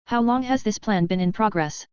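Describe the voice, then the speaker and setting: A woman voicing an angry male god seated on his throne, aggressive, in a smooth clear voice with a dry, close sound. The recording is somewhat dull and lo-fi. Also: mid-range voice, moderate pace, a little mellow, no room sound, close to an everyday voice.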